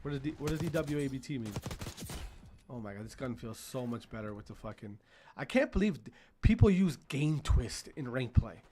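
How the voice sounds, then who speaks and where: A man's voice: medium pitch, animated, moderate pace, dark tone, slight background noise. A man streaming gameplay, ranting profanely at teammates and repeating himself. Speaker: gaming streamer. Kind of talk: casual gameplay commentary. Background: gunfire from the game.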